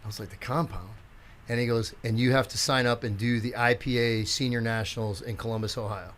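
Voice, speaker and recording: A man's voice: mid-range voice, brisk. A man in his sixties talks as a podcast guest, spinning a long story in a mid-range voice. He acts out what others said and swears casually as he goes. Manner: animated storyteller who acts out quotes and swears freely. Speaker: podcast guest, physical therapist and strength coach.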